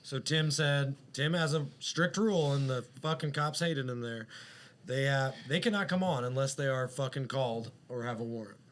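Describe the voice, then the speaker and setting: A man's voice: medium pitch, moderate pace, fairly bright tone. A man on a podcast telling a long story in casual chat, rambling and profane, with lots of fillers. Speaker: podcast co-host.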